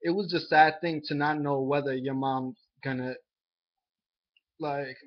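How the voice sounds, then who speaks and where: A young man with a slightly high voice tells a personal story straight to the camera. He speaks haltingly and earnestly, stumbling through fillers and restarts. The recording sounds dull and lo-fi. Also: flat delivery. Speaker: vlogger.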